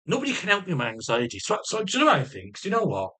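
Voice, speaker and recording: A man's voice: on the high side, huge pitch swings, racing, bright, forceful tone. A man in a casual video diary, rambling emotionally, swearing heavily and stammering through restarts. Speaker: vlogger.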